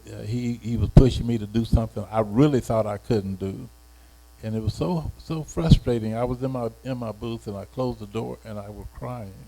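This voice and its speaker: An elderly man in his eighties recalls his past in an interview, his voice gravelly and very dark. He talks unhurriedly and haltingly, often circling back over his words. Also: mid-range voice, poor audio. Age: 80s. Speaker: retired educator being interviewed. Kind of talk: reminiscing personal story.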